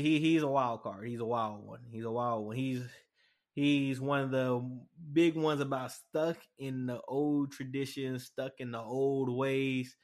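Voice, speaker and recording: A young man in casual chat, telling a story bluntly and acting out the voices he quotes. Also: mid-range voice. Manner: animated, acts out quoted voices; blunt, frank.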